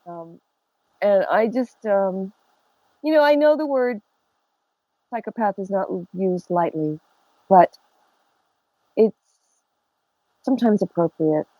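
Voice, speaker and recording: A woman's voice: mid-range voice, slow, pauses often, no echo, dull audio. Gossipy older woman telling stories. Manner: gossipy, animated storyteller who laughs often. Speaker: guest. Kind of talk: casual chat. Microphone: remote call.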